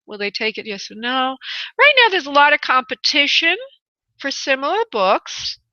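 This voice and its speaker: A woman from New York with a New York accent, hosting a live call-in radio show as a psychic medium, chatty and pausing to consult spirit. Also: sits high, big pitch swings, sharp tone, dry recording, lo-fi sound. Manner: chatty, pauses to consult spirit, laughs easily.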